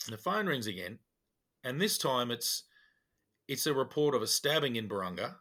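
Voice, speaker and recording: An Australian man co-hosting a podcast, telling old police stories in a relaxed, chatty way. His voice is bright and forceful, and he brings the tales to life by acting out what people said. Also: medium pitch, moderate pace. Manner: animated, acts out dialogue in his stories. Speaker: podcast co-host, police officer. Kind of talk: casual storytelling chat.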